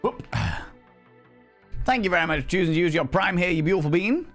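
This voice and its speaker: A man's voice: lively intonation, brisk, a bit bright, soft background music. Playful man streaming, cheeky. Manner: playful, greets viewers with cheeky pet names; swoops up high for mock grandeur. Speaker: livestreamer. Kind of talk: casual live-stream chat. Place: home streaming room.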